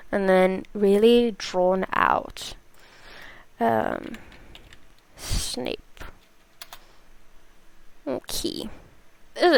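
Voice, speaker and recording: A woman's voice: medium pitch, gravelly, clean tone, no room sound. A woman from South Africa hosting a live stream, chatting casually, laughing and reading out viewer comments. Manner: chatty, laughs often, reads chat aloud.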